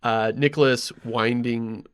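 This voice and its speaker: A man's voice: medium pitch, fairly even intonation, takes it slowly, clean tone. A man hosting a podcast, telling a rambling story in casual chat, full of ums and asides. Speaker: podcast host.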